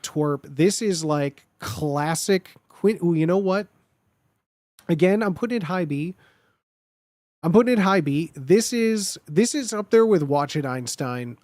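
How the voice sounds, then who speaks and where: A man's voice: sits high, darkish tone, dry recording. A young man hosting a comedic tier-list show, riffing mock-seriously on catchphrases and repeating them in put-on voices. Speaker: host ranking phrases.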